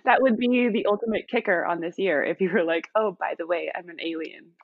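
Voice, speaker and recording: A woman's voice: lowish voice, fairly quick, dry recording, phone-quality sound. A woman co-hosting a podcast, chiming in with dry, teasing reactions in casual chat. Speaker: podcast co-host.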